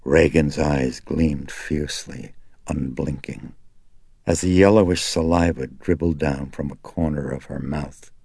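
A man reading a horror novel aloud in a slow, deliberate, ominous style. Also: extremely low pitch, steady tone, a little mellow, slightly rough, dry recording, clean studio sound. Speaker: audiobook narrator. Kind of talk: scripted horror narration.

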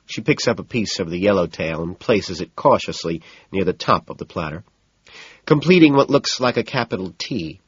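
A man narrating an audiobook in the first person, with a measured, wry delivery. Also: low-pitched, lively intonation, breathy edge, dry recording. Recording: dull, muffled audiobook recording.

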